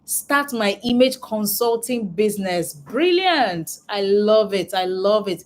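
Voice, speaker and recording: A woman's voice: medium pitch, expressive, slow pace, slight background noise. A woman business coach hosting a live online class, reading out chat replies and cheering each one on. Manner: upbeat and encouraging, repeats praise words.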